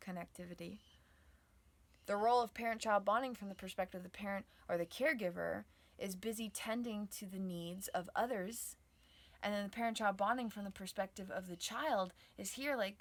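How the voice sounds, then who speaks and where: A woman with a medium-pitched voice speaks at a moderate pace in a dry space with no room sound. She's a trauma and nervous-system educator teaching an online video lesson on the nervous system, explaining with lots of "like" and "um" and sometimes dramatically acting out inner voices.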